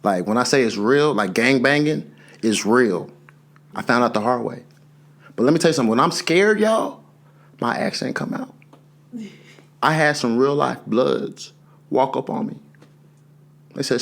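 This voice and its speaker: Stand-up comic, young man, lively swinging delivery, laughs through his own bits. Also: mid-range voice, moderate pace, creaky, long pauses. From Texas. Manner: loose, laughing storytelling, slips into character voices. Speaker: stand-up comedian. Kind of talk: stand-up comedy set.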